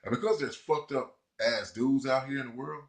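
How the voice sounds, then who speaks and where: A man's voice: mid-range voice, moderate pace. A man ranting in heated, profane commentary, talking to his viewers. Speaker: vlogger. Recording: echoey room.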